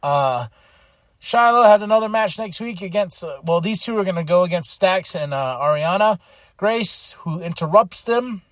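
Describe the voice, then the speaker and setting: A man hosting a podcast, giving a casual, animated wrestling recap, chatty with lots of fillers and restarts, acting out quotes in exaggerated voices. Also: sits high, moderate pace, dry recording, studio quality. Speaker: podcast host.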